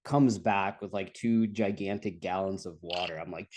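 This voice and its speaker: A man's voice: low-pitched, steady tone, moderate pace, hardly any pauses, darkish tone, a little hiss or hum. A young man telling a rambling travel story in casual chat, laughing often and swearing freely. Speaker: guest storyteller.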